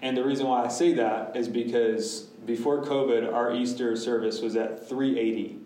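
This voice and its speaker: Man, pastor, candid classroom Q&A, mid pitch, distant mic in a very reverberant room. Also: fairly even intonation, normal speed, mellow, slight background noise. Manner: candid, talks in restarts and asides. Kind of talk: casual Q&A with a church class.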